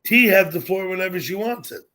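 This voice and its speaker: A man's voice: high-pitched, lively intonation, a little fast, sharp tone. A man hosting a live stream, chatting casually, teasing his guests while he keeps an eye on the chat. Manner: joking, teasing, distracted by chat. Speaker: stream host.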